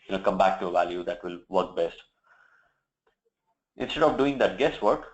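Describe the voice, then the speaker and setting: Low-voiced man giving a software demo. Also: dull audio. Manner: steady explanatory, occasional fillers. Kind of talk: product demo walkthrough.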